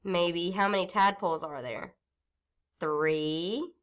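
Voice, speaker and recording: A woman teaching a phonics lesson to young children, stretching words out and sounding them slowly. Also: on the low side, a bit bright. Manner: slow, sing-song teacher talk, stretching out words and sounds.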